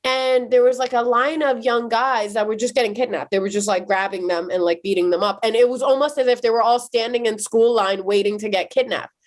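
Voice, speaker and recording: Woman from Iran, podcast guest; animated storyteller, slightly high voice, filler-heavy. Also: a little fast, hardly any pauses. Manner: animated, frequent "like" fillers, acts out quoted people. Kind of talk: personal storytelling in conversation.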